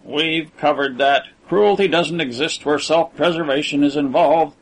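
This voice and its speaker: A man's voice: fairly high pitch, low-quality recording. A man doing a cold, scornful rich captor. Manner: cool, measured, scornful.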